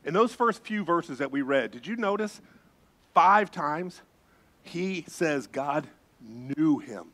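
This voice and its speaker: A middle-aged man, a pastor, preaching a sermon with animated storytelling. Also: on the high side, slow. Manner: animated storytelling, acts out voices.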